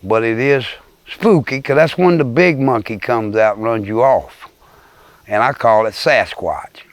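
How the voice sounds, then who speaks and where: A man's voice: mid-range voice, a little slow, dry recording. A man with a Louisiana bayou accent, speaking earnestly and plainly about what he believes in an interview. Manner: earnest, plain-spoken, insistent. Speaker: storyteller interviewee. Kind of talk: casual storytelling in an interview.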